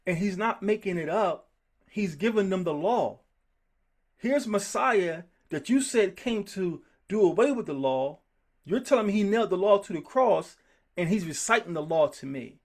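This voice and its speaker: A Bible study teacher guides his group through scripture in a voice that sits high, moving at a moderate pace. He's animated and emphatic and tends to get worked up.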